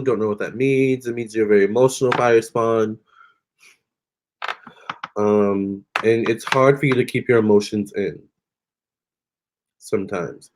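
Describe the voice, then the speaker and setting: A young man talks loosely through his live tarot stream, thanking viewers and answering their comments. His voice sits at a middling pitch. He drifts through his thoughts with fillers and false starts. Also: a little mellow, a little hiss or hum. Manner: rambling, chatty, many fillers and restarts. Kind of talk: casual live-stream chat reading comments.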